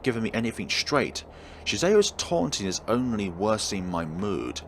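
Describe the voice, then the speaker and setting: A man reading a horror visual novel aloud, narrating in an expressive, dramatic first-person voice. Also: fairly low pitch, normal speed, a little hiss or hum. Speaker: let's play host and reader.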